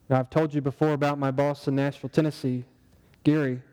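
A man's voice: mid-range voice, little pitch movement, fast, dark tone, long reverb tail, poor audio. A man preaching a sermon in a conversational way, asking the congregation rhetorical questions. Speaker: pastor.

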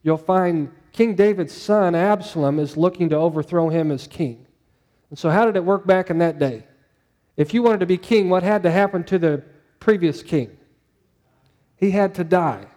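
Male pastor, slightly high mellow voice, chatty preaching style that draws in the congregation. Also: normal speed, long reverb tail. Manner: conversational, asks the congregation questions. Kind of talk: sermon.

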